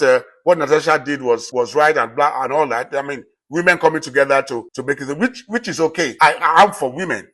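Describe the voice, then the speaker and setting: A man with a fairly high voice talks straight to his viewers in a relaxed vlog commentary. His delivery is loose and chatty, full of "uh" and "you know". He presses his points harder as he goes on. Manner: conversational, with frequent "uh" and "you know", growing more emphatic.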